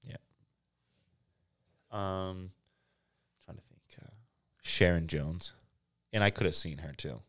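Low-voiced man hosting jokey chat. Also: takes it slowly, long pauses, a bit bright. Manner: jokey, laughs often, sings silly bits. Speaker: podcast host. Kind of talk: casual comedic chat.

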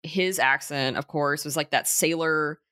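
Chatty low-voiced woman podcaster. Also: measured pace, pushed and bright, no room sound, clean studio sound. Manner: chatty, many fillers and restarts. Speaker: podcast co-host. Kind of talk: casual movie discussion.

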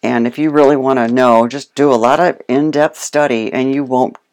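Guest speaker: animated casual storyteller, mid-range pitch, frequent laughs. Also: moderate pace. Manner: animated storytelling, acts out quotes; laughs often. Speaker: guest speaking on homemade dog food. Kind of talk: casual chat.

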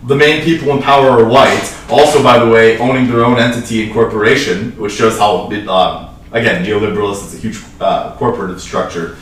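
A man's voice: fairly low pitch, steady tone, fairly quick, few pauses. A man giving his take on a film in casual talk, opinionated and full of "like" and "right?". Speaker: film podcast co-host. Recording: echoey room, far mic, faint hiss.

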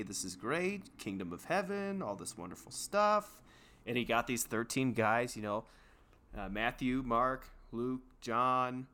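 A man co-hosting a comedy podcast, telling a made-up story in a deadpan, mock-serious way with lots of ums and uhs. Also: fairly low pitch. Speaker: podcast co-host. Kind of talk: casual comedic podcast chat.

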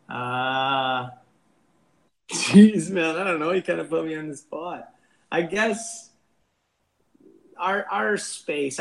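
Over a rough recording, a slightly high, gravelly male voice comes through. The speaker is a relaxed brewery owner on a video call, keeping the interview chat casual, saying "man" a lot and quick to laugh.

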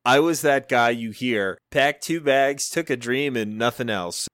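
A man's voice: medium pitch, unhurried, a bit bright, no echo, clean studio sound. Profane, rambling male podcast host. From Florida, US. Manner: profane, digressive, laughs often, acts out quoted dialogue. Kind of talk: casual rambling monologue.

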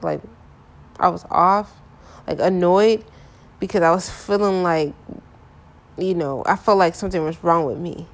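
A woman's voice: fairly low pitch, lively intonation, measured pace, long pauses. A young woman talking candidly about her relationships in a casual, frank monologue full of filler phrases.

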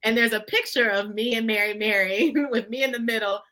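A woman guest on a talk show, telling stories in an expressive, folksy way and often addressing listeners directly. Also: fairly high pitch, fairly quick. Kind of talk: conversational storytelling.

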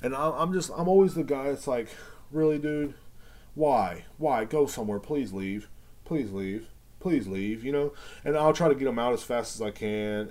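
A young man hosting a podcast, telling a casual story in a rambling, profane, animated way. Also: lowish voice. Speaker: podcast host.

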